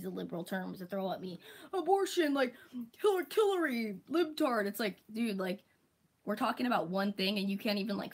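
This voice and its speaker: Young woman vlogger, mid-pitch, venting to camera: exasperated, profane, filler-heavy, with mocking impressions of critics. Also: breathy edge, poor audio. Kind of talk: casual ranting monologue.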